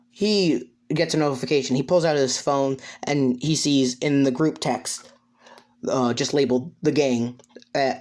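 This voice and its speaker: A man improvising fan-fiction narration, halting and rambling with many restarts. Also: medium pitch. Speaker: storyteller.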